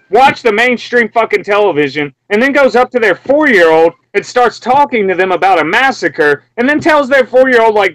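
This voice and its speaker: A young man from Memphis ranting in a casual, profane way, breaking into high mocking yelps as he acts out what he heard. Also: lively intonation, moderate pace, a bit bright, no echo, rough recording. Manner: heated, profane, mimics screams in sudden high yelps.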